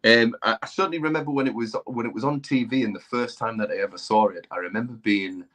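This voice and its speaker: A man's voice: medium pitch, fast, fairly bright tone. A man co-hosting a casual movie review chat, laid-back and hesitant, with lots of fillers. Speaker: podcast co-host.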